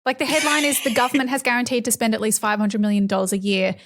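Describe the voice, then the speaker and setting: A woman with an Australian accent co-hosting a political podcast, talking in a sarcastic, sweary, animated way. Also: fairly high pitch, fast. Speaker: podcast co-host. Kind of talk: casual political chat.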